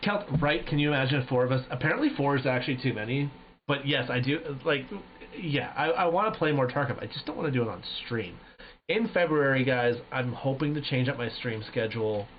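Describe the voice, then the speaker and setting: A man streaming live, telling a gaming story in casual chat with animated, profane energy. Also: medium pitch, fairly quick, slight background noise. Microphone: headset. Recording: dull lo-fi stream audio.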